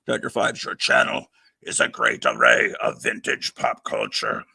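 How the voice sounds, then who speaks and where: A man putting on the deep, whispery voice of a sinister horror-film villain, with an attempted British accent. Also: very animated, measured pace, creaky, bright, forceful tone, breathy edge, dry recording, exaggerated voice. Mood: menacing.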